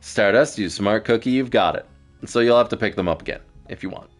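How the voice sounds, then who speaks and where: A man's voice: fairly low pitch, fairly quick, soft background music, lightly acted. A man voicing a teasing, all-knowing star being with a playful, smug way of talking.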